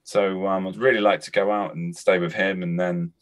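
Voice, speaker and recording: A man's voice: deep voice, level tone, moderate pace. A Cornish man in his forties, a guest actor and comedian, chatting casually and telling anecdotes. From Cornwall. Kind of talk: casual chat.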